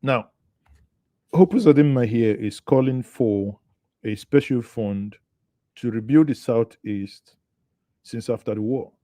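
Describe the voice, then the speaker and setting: With long pauses and a slow delivery, a man from Southeast Nigeria hosts a live online news show in a studio, chatting and greeting viewers while he thinks aloud about the headlines. His voice is mid-range and dark in tone. No room sound comes through.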